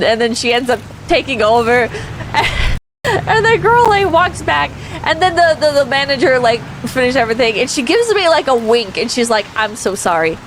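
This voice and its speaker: A woman casually telling a long story on a stream, animated, laughing often and swearing freely. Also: sits high, a little hiss or hum, poor audio.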